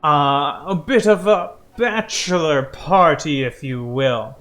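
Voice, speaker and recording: A shifty centaur groom, all forced cheer and stammering excuses, as a man puts him on for a tabletop game. The voice sits raised and drawn out, unhurried even when flustered. Soft music plays underneath. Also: fairly high pitch. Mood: friendly. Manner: nervous, fumbling, overly cheerful. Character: eager evasive male centaur groom.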